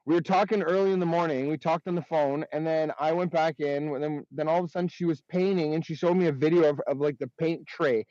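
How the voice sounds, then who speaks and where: A man calling in to a live tarot stream, telling a story in a rambling, halting way and swearing. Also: fairly high pitch, steady tone, warm tone, no echo, muffled recording. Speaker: caller. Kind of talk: casual storytelling.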